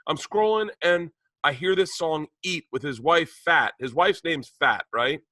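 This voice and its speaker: Man in his forties, podcast co-host, excitable rambling storyteller, slightly high voice, dry close mic. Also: unhurried, dry recording. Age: 40s. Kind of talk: casual chat, storytelling.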